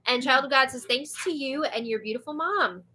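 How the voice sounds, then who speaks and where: A woman's voice: sits high, fairly quick, pushed and bright. A young woman hosting a livestream and reading viewer comments in a chatty, giggly way, with a sore throat. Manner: chatty, giggly, filler-heavy. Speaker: show host.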